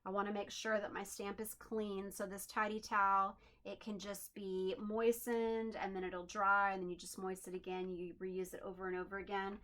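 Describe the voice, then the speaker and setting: A woman's voice: medium pitch, little pitch movement, normal speed, few pauses, a bit bright. A woman hosting a home craft tutorial, chatting in an upbeat way and thinking aloud as she works at her desk. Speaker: crafting channel host.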